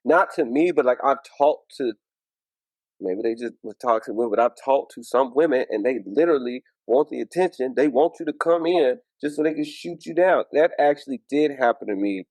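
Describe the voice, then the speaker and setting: A man's voice: mid-range voice, lively intonation, moderate pace, darkish tone, no echo, poor audio. A man with a country Southern US accent, chatting as a podcast co-host in a laid-back storytelling way. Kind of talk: casual chat.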